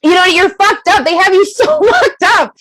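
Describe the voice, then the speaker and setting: A high-pitched woman whose voice swings widely up and down as she talks. She speaks candidly as a podcast guest, animated and emphatic, swearing freely and laughing often. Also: moderate pace, a little hiss or hum, rough recording.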